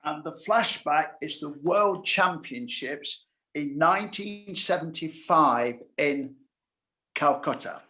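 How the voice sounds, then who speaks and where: A man's voice: a little high, expressive, takes it slowly, sharp tone. A man from Scotland hosting a club Q&A, introducing guests with frequent fillers. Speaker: host of club Q&A. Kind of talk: hosting a live Q&A.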